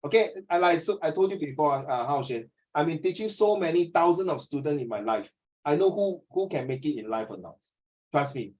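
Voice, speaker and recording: Middle-aged man, Singaporean accent, fairly high voice, earnest preachy teacher, video call class, drops in Mandarin phrases. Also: animated, brisk, a little mellow, low-quality recording. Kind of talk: online class lecture.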